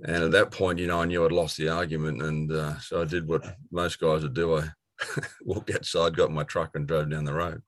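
A middle-aged Australian man with a strikingly deep, low voice recounts his own story in an earnest, rambling way, full of "um"s and false starts. The sound is dry and close, with no room around it. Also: level tone, normal speed, a bit bright, no echo. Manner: earnest storytelling with frequent fillers and restarts. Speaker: guest. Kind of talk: personal testimony in an interview.

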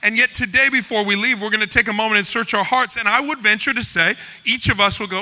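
Man, pastor, sermon, high voice, animated, reverberant church hall. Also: fast, hardly any pauses. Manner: animated, acts out the figures in quoted voices.

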